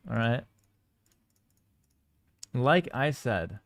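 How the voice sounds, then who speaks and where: Young male streamer, raised pitch, teasing and self-assured, dry booth-like sound. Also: big pitch swings, measured pace, pauses often, no room sound. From Canada. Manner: cocky, joking banter with chat. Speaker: game streamer. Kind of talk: casual live-stream gameplay commentary.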